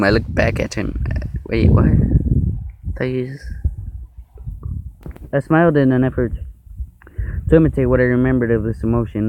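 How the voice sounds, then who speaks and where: A man's voice: on the low side, darkish tone, slight background noise, poor audio. Man mock-reading a horror story. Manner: joking asides and laughs between narration. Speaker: story reader.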